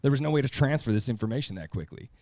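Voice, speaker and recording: A man's voice: medium pitch, expressive, rapid-fire, darkish tone, no room sound. A man hosting a podcast, chatting in a reflective, laid-back and rambling way. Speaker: podcast host. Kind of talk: casual chat.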